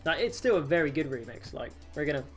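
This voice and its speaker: A man's voice: on the high side, big pitch swings, fast, soft background music. A young man chatting casually on a game livestream, self-mocking and joking, often breaking into laughs. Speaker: streamer.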